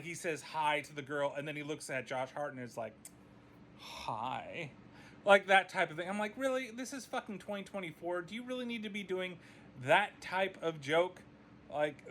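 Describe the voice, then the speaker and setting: A high-pitched man giving a casual video review, ranting and swearing in exasperation. He jumps between sarcasm and disbelief, and a faint background noise sits under his voice. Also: a bit bright. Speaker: movie reviewer.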